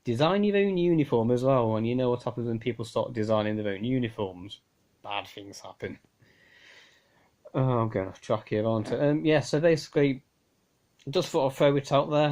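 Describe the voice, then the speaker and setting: A man's voice: mid-range voice, normal speed, darkish tone. A man, talking casually to a phone camera in a rambling, exasperated, chatty way. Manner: rambling, exasperated, chatty with frequent "you know". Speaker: amateur radio vlogger.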